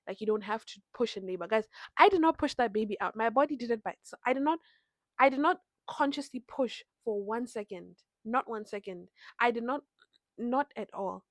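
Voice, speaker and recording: A young woman telling her birth story in a vlog, animated and acting out the people she quotes. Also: a little high, fairly quick, no room sound. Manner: animated retelling with quoted voices. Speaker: vlogger.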